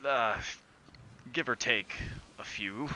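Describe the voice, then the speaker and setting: A man's voice: medium pitch, takes it slowly, pushed and bright, a little hiss or hum, low-quality recording. A man doing a nervous stammering ship cook. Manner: hesitant, stammering.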